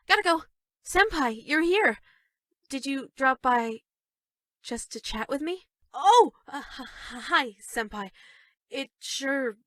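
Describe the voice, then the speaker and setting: A high-pitched, obsessive schoolgirl for a dating game, bashful and stammering one moment and quietly sinister the next. The recording is dry and close, with no room sound at all. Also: dry recording, exaggerated voice. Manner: shy and stammering, with sudden dark menace. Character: obsessive yandere schoolgirl, sweet but creepy. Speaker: voice actress for a dating game character. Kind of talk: scripted game voice lines.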